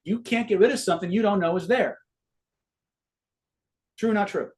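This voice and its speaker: Brief: middle-aged male coach with a slightly high voice, loose and profane, checks in with his class. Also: moderate pace, darkish tone. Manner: casual, swears freely, quizzes the audience. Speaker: online seminar teacher. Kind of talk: live online master class.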